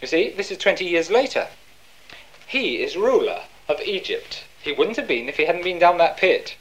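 Emphatic woman preacher, lively intonation. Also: lowish voice, normal speed, rough recording. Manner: emphatic, rhetorical questions answered herself. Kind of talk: sermon.

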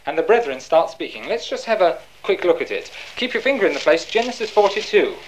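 Woman preacher, low voice, very animated delivery, emphatic and rhetorical. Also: brisk, a little hiss or hum, poor audio. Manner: emphatic, rhetorical questions answered herself. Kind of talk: sermon.

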